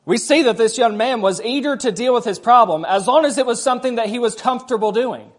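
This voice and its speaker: A man's voice: very high voice, fast talker. A man preaching a sermon, conversational, with frequent rhetorical questions to the congregation. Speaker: pastor.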